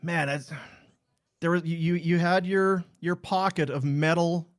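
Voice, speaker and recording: A man's voice: a little high, steady tone, a little slow. A man hosting a sports podcast in a studio, chatting loosely and reading ad spots. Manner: loose, profane, reads live ad spots. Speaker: podcast host. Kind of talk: casual sports podcast chat.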